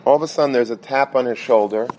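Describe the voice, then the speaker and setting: A man's voice: medium pitch, fast talker, darkish tone, a little hiss or hum. A man telling a dramatic religious story, sprinkling in Hebrew and Yiddish terms and often restarting his words. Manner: stammering restarts and repetition.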